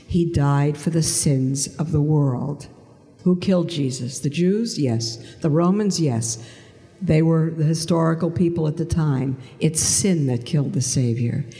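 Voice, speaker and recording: A woman giving an earnest conversion testimony, slowing down for emphasis. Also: low voice, dark tone. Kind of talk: testimony talk. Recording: long hall reverb.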